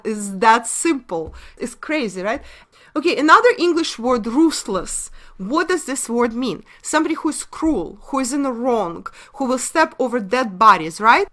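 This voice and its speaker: A woman with a Russian accent, a native Russian speaker, delivers a webinar lecture in a bright, somewhat high voice. She speaks emphatically, posing rhetorical questions to her listeners and answering them herself. Her tone is vivid and forceful. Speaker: webinar presenter. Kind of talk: lecture on word origins.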